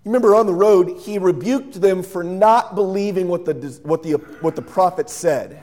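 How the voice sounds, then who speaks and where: A male pastor delivers a sermon in a fairly high but mellow voice. He tells the story with animated energy, acts out its scenes and pauses to quiz his listeners. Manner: lively storyteller, acts out scenes and quizzes the audience.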